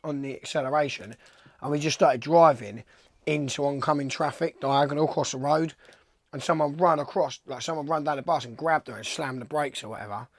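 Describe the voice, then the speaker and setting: A man's voice: fairly high pitch, fairly quick, no echo. A young man, a pro skateboarder, telling rambling anecdotes casually and swearing freely. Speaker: professional skateboarder. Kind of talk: casual storytelling interview.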